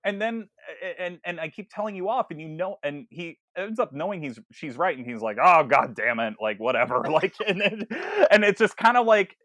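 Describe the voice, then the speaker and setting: A man co-hosting a casual film podcast, talking in an animated way with lots of stammered restarts and acted-out quotes. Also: sits high, a little fast, few pauses, dry recording. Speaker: podcast co-host.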